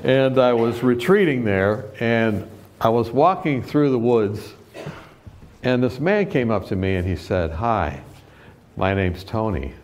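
A male preacher giving a sermon, telling a personal story with lively acted-out quotes and frequent laughs. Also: medium pitch, a little slow, a little hiss or hum. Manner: animated storyteller, acts out quotes, laughs often.

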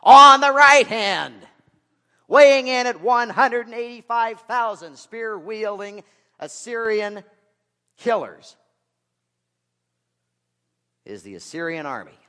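A man putting on a loud male boxing-ring announcer voice, calling out the fighters with drawn-out hype. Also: extremely high pitch, voice pushed up, heavily acted. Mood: hyped. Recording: long hall reverb.

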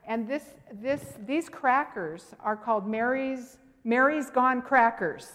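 A woman's voice: a little high, takes it slowly. Emphatic woman presenter in a hall. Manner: emphatic, animated, talks to the audience directly. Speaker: health seminar presenter. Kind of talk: lively teaching with personal stories.

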